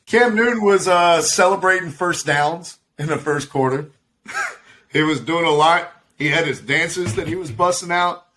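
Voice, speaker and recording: A man's voice: fairly high pitch, measured pace, bright, forceful tone. A man co-hosting a podcast on a video call, riffing on sports in a joking, profane way and laughing often. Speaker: podcast co-host. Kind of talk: casual sports chat.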